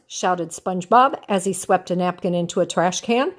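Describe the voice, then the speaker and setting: An older woman, a grandmother, reading a picture book aloud in a gentle, expressive way. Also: on the low side, normal speed, few pauses. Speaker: storyteller.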